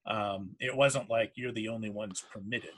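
A man's voice: on the low side, fairly even intonation, normal speed. A man acting as game master, describing scenes and calling for rolls with many hesitant restarts. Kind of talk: running a tabletop game.

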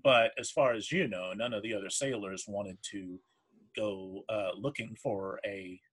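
A man's voice: lowish voice, a little slow, fairly bright tone, husky. A man acting as game master, describing scenes and calling for rolls with many hesitant restarts. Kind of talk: running a tabletop game.

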